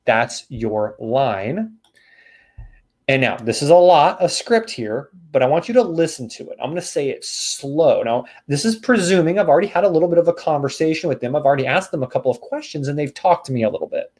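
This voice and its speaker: A man's voice: on the high side, animated, a little fast, darkish tone. A man teaching real estate agents in a training seminar, casual and folksy, acting out door-knocking scripts.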